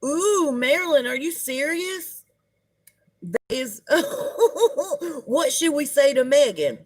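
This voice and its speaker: A woman's voice: high voice, animated, a little slow. A middle-aged woman, hosting a casual live-stream gossip chat and greeting viewers as she talks. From United States. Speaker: livestream host.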